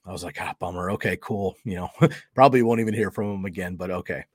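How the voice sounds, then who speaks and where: A middle-aged podcast host tells a story in a relaxed, conversational manner, acting out the quoted dialogue. His low voice moves fast, recorded at studio quality with no echo.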